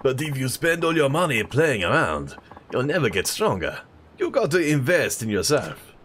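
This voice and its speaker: A man's voice: mid-range voice, big pitch swings, moderate pace, fairly bright tone, slight background noise, voice pushed up. A man voicing an older male street brawler mentor with a put-on French accent, talking in a grandiose, lecturing way.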